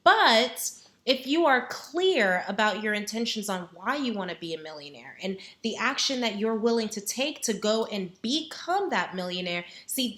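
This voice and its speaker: A woman's voice: mid-range voice, a bit bright. A woman hosting a web talk show, chatting to camera in an upbeat, encouraging way with casual asides. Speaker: host.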